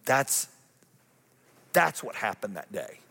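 A male pastor preaching a lively sermon, repeating phrases and climbing higher in pitch for emphasis. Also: slow pace, vocal fry, husky, long reverb tail. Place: church auditorium.

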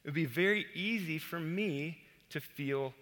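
Pastor, man, sermon: earnest step-by-step teacher, slows for scripture; tense, bright tone. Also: fairly high pitch, in a large hall. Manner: earnest, explains step by step and reads verses slowly.

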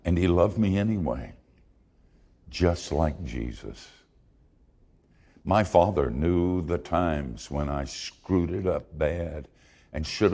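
A deep, gravelly man preaches slowly, his pitch swinging widely as he leans into funny, confessional stories. A long hall reverb lingers behind his words. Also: warm tone. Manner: folksy, humorous and confessional. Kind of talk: sermon with storytelling.

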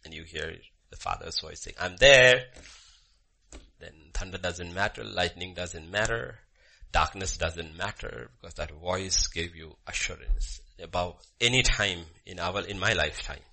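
Fervent pastor with a deep gravelly voice. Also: male voice, normal speed, hardly any pauses. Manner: fervent, emphatic, repeats phrases, swings between loud and hushed. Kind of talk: sermon with opening prayer.

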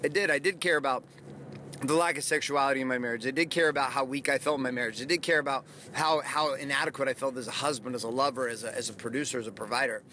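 A man's voice: mid-range voice, fairly even intonation, fast, sharp tone. Candid, emphatic man with road noise behind. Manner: emphatic and candid, swears freely. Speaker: podcast host. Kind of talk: motivational monologue.

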